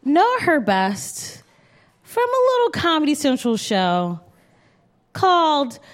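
A woman co-hosting a live comedy show, talking haltingly, with many ums and restarts. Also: sits high, huge pitch swings. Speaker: podcast co-host. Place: live stage with an audience.

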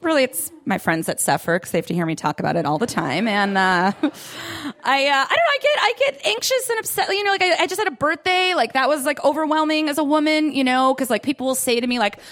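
A woman's voice: sits high, animated, quick pace, a bit bright. A young woman performing a chatty, self-deprecating stand-up set on a club stage. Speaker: stand-up comedian. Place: comedy club stage with audience. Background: audience laughter.

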